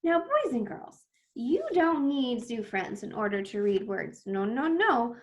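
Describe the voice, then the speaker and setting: A woman's voice: a little high, dull audio. A young woman teaching an early reading lesson to children, drawing out phonics sounds and cheering when a word is read. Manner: slow, exaggerated phonics sounds with bursts of excited praise.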